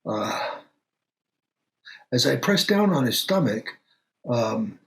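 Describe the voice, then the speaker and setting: A man's voice: mid-range voice, very animated, gravelly, exaggerated voice. Guy doing a laid-back country doctor spinning a weird story, lots of uhs, echoey room. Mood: steady recounting. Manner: unhurried, halting storytelling with many pauses and fillers. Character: middle-aged male country doctor, calm storyteller. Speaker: actor playing a country doctor. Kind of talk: audio drama acting.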